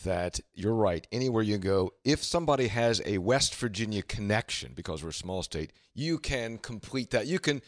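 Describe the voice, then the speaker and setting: A man's voice: on the low side, animated, normal speed, hardly any pauses, no echo, clean studio sound. A man co-hosting a casual sports chat, adding brief, wry comments and agreeing. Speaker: podcast co-host.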